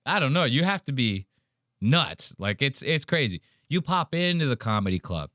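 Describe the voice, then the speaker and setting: A man in mid pitch, hosting a casual podcast and ranting with heavy profanity. His voice is close to the mic and completely dry, with no room sound at all. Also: sing-song, normal speed, fairly bright tone, dry recording. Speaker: podcast host.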